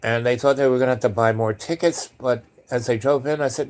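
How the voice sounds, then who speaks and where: A man's voice: medium pitch, steady tone, fairly quick, hardly any pauses, darkish tone, slight background noise. A man hosting a podcast, telling a story in a casual, rambling way with restarts, asides and blunt swearing. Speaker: podcast host.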